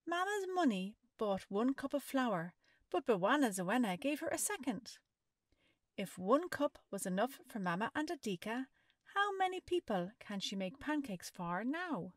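A woman reading a children's picture book aloud as a storyteller, expressive and stopping to ask the listener maths questions. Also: on the high side, measured pace, no room sound, studio quality.

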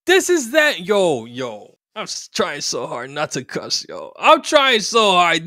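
Reaction host, male, lively swinging pitch, dry mic. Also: measured pace, few pauses, no room sound. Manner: animated, exclaims loudly, slangy. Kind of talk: reaction commentary.

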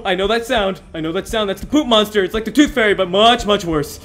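A teenage boy in his late teens giving excitable, giggly commentary on a horror game, yelping and shouting when startled. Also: high voice, fairly quick, hardly any pauses, faint music behind. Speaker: gaming video host.

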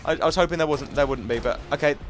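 Over soft background music, a young English gaming commentator fires off rapid, jokey let's-play banter in a voice on the high side, addressing the enemies on screen directly.

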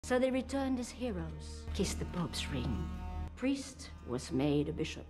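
An actress playing a woman who tells an ominous church legend in a slow, hushed way, over film music. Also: on the low side, big pitch swings. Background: film score.

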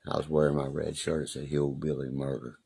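A man's voice: extremely low pitch, little pitch movement, brisk, creaky, mellow, slight background noise. A man rambling profanely and boastfully through stories on a live stream. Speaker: livestreamer.

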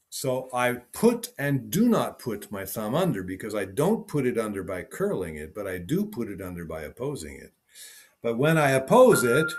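A man teaching a piano lesson over a video call, thinking aloud and repeating short phrases as he demonstrates. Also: mid-range voice. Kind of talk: online teaching session.

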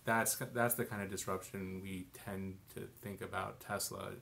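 A man co-hosting a casual live-stream discussion, thinking aloud in a relaxed way with lots of "you know" and "like". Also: sits low, moderate pace, creaky, a little hiss or hum. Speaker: co-host.

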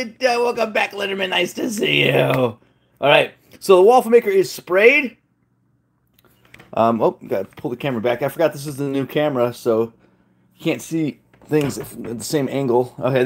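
A man hosting a cooking challenge from his home kitchen, talking casually and jokingly to a live audience. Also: on the high side. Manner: chatty, joking, self-deprecating. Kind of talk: casual live-stream chat.

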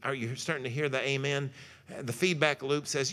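A man lectures a church luncheon crowd as a pastor, telling folksy stories and acting out bits of dialogue along the way. His voice is bright and forceful, sitting at an ordinary pitch for a man. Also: steady tone, moderate pace. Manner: folksy storytelling with jokes and acted-out quotes. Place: church hall.

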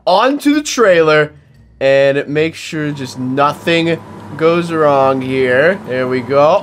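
A young man giving excited, playful commentary on a video game as he plays, with an exaggerated, energetic delivery. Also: medium pitch, unhurried, noisy background. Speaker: gaming YouTuber. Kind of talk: excited let's-play commentary.

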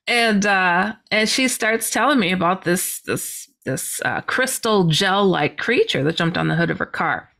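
A woman, a podcast guest, telling a personal story in an animated way, filling her speech with "you know". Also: on the low side, normal speed, gravelly.

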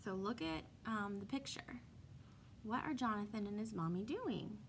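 A woman's voice: mid-range voice, moderate pace, a little hiss or hum. A young woman, a kindergarten teacher, reading a picture book aloud to young children, asking them questions and answering them herself, with chatty asides. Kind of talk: read-aloud story lesson for young children.

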